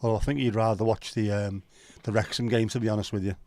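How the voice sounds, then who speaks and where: A man's voice: on the low side, little pitch movement, fast, darkish tone, no echo. A man who hosts a casual live stream, chatting and joking and greeting viewers by name. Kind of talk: casual watch-along chat.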